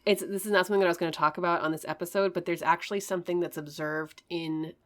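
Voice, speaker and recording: Female podcast co-host, slightly low voice, rambling casual delivery. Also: fairly even intonation, very fast, fairly bright tone. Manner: chatty, hedging with "like" and "you know". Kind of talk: casual chat.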